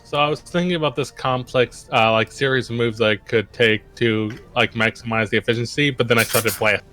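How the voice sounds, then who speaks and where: A man's voice: medium pitch, steady tone, a little fast, sharp tone, faint music behind. Chatty hesitant male tabletop player. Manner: chatty, hesitant, asks rules questions. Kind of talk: casual tabletop play.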